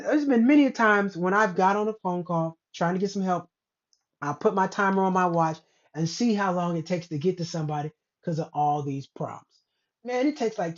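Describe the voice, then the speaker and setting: A woman hosting a casual commentary show, ranting in a blunt, rambling way with plenty of profanity. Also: medium pitch. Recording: dull lo-fi recording.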